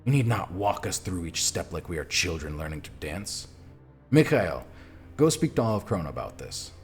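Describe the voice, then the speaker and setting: A man's voice: low voice, sing-song, normal speed, faint music behind, voice pushed down. A man reading a stern young vampire woman. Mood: curt. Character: curt young female vampire, stern and businesslike.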